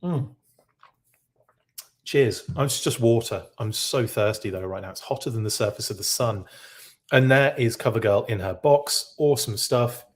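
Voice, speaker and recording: A man's voice: medium pitch, moderate pace. Rambling, chatty male podcast host. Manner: rambling, self-correcting, chatty. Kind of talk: casual live news reaction.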